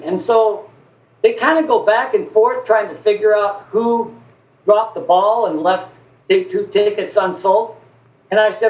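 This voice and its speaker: A man, a guest on a chat show, telling a long anecdote in a lively, chatty way and acting out the quoted voices. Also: sits high, moderate pace, echoey room, muffled recording. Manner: animated storyteller acting out quotes. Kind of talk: casual storytelling chat.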